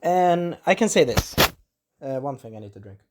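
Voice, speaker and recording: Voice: mid-range voice, lively intonation, moderate pace, background noise. An anime reviewer rambling through an episode recap in casual chat, swearing and acting out quotes.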